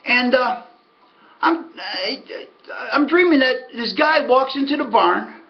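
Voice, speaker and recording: A man's voice: extremely high pitch, lively intonation, slow pace, creaky. Middle-aged american guy rambling on, folksy storyteller vibe, muffled lo-fi audio. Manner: chatty storyteller, folksy asides. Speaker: horse racing handicapper and host. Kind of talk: rambling casual monologue.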